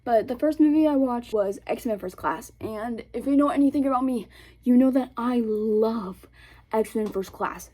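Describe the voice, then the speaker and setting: A woman's voice: fairly high pitch, warm tone. A young woman vlogger chatting casually about films, rambling with lots of fillers and giggles. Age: young adult. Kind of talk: casual chat.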